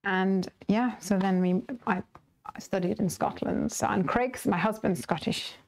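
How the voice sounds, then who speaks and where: Chatty woman with a soft Northern Irish accent. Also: medium pitch, fairly even intonation, unhurried, gravelly, slight background noise. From Northern Ireland. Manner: chatty, reads and answers viewer comments live. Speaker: live stream craft host. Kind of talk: casual chat while demonstrating card making.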